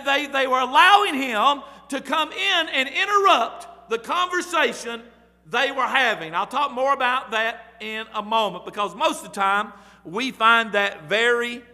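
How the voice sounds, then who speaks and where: A man preaching a sermon, reading scripture and now and then raising his voice to loud emphasis. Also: very high-pitched, lively intonation, measured pace. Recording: long reverb of a large hall.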